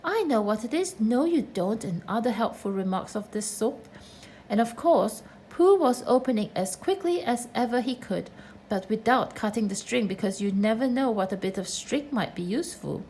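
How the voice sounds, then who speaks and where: A woman reading a children's storybook aloud in a gentle, measured way. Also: fairly high pitch, animated, a little hiss or hum, poor audio. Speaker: reader.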